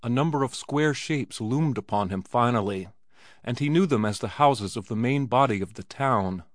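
A man reading a classic story as an audiobook narrator, measured and even. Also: medium pitch, dry recording, studio quality. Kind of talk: scripted narration.

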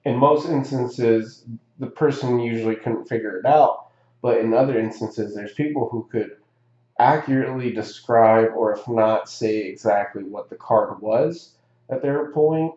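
A man's voice: mid-range voice, normal speed, warm tone, lo-fi sound. Rambling, profane man in a roomy room. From Southern California. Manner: profane, rambling, with many fillers and restarts. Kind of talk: casual storytelling chat.

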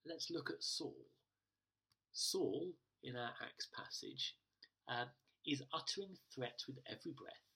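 A male pastor delivers a conversational sermon with a slightly husky, breathy voice. He often restarts and hesitates. The mic is some way off, so he sounds distant in the church. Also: medium pitch, pushed and bright.

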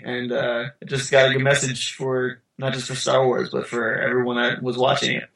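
Gravelly laid-back man in an echoey room. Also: medium pitch, completely flat delivery, fairly bright tone. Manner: laid-back, with filler pauses. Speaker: podcast co-host. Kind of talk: casual list countdown.

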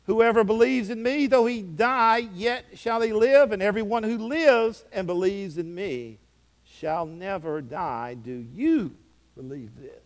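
High-voiced fervent preacher. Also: male voice, measured pace. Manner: fervent preaching, rising and dropping in pitch and volume. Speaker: pastor. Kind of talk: sermon.

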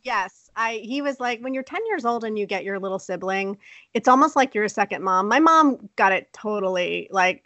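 A woman telling a personal story on a casual podcast, lively, laughing often and acting out the people she quotes. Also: on the high side, no echo, lo-fi sound. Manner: animated, laughs often, acts out quoted voices. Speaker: podcast co-host.

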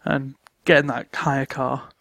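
A man telling stories in casual podcast chat, animated and laughing often as he acts out what others said. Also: mid-range voice, a little slow, gravelly, dry recording. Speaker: returning podcast guest.

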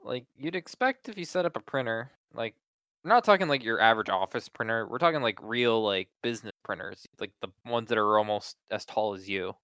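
A man's voice: lowish voice, lively intonation, fairly quick, sharp tone, no echo, clean studio sound. A man in casual chat about work, laid-back and talking with lots of "like". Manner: laid-back, heavy use of "like".

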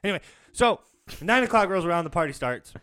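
A man's voice: high-pitched, expressive, quick pace, bright, forceful tone, smooth. A man telling a profane story in casual podcast chat, laughing through the punchlines.

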